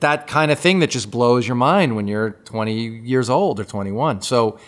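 A man's voice: medium pitch, expressive, normal speed. A man in his fifties hosting a casual interview, eagerly asking follow-up questions. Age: 50s. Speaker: podcast host.

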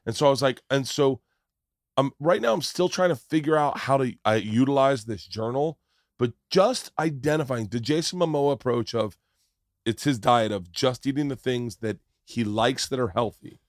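A man hosting a podcast, chatting casually in a profane, teasing way and telling animated stories. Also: mid-range voice, moderate pace, dry recording, studio quality. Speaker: podcast host and comedian. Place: tour bus.

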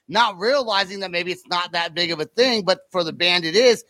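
A man's voice: high-pitched, brisk, few pauses, pushed and bright, dry recording. A man from Oklahoma, a podcast host, rambling and joking with many restarts. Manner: rambling, restarts a lot, jokey. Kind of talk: casual chat.

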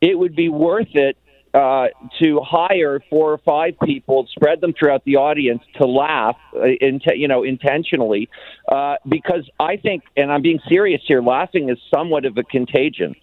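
A man's voice: fairly high pitch, no room sound. A Canadian man chatting as a comedy guest on the radio, stumbling and restarting his sentences as he thinks. His voice comes through a narrow, phone-like line, dry and close. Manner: halting, many restarts. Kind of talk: casual radio chat.

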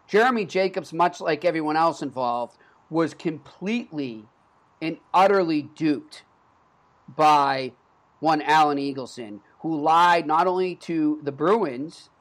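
A man's voice: a little high, measured pace. A man in his thirties with a Boston accent, hosting a sports podcast and telling stories in an earnest, conversational way. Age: 30s. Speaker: podcast host.

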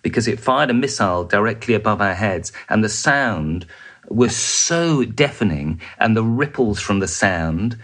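A journalist recounting a war experience in an interview, vivid and halting, with fillers and restarts. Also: male voice, fairly low pitch, animated, a bit bright. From United Kingdom. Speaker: journalist guest.

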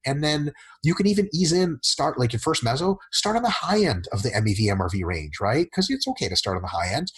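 A man with a very husky, raspy voice talks through coaching in a casual podcast Q&A. His pitch swings widely and he swears freely while acting out his clients in quick voices. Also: sing-song, poor audio. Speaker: fitness coach answering listener questions.

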